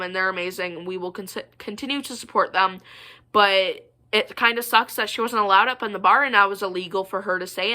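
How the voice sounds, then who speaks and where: A woman's voice: medium pitch, pushed and bright. A young woman vlogger telling stories to the camera in a casual, chatty and rambling way. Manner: chatty, rambling, many fillers and asides.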